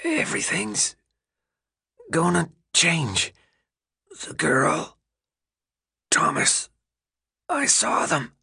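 A scratchy, wheezing teenage boy, sick and bedridden, as a man reads him in an audiobook. His voice croaks weakly, then cracks upward into strained yelling. The pitch swings far and wide. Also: wildly swooping pitch, extremely slow, pauses often, no echo, studio quality, heavily acted. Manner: weak croaks breaking into high yells.

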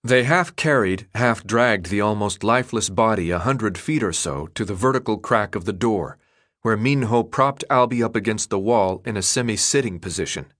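A man narrating an audiobook in a steady, measured way. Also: on the low side, dry recording, clean studio sound.

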